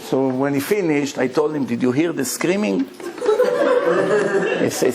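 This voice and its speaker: A man's voice: mid-range voice, expressive, a little slow, creaky, crowd noise. A male rabbi giving a Torah lecture, telling stories animatedly and asking the audience rhetorical questions, in English that is not his first language. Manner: non-native English grammar.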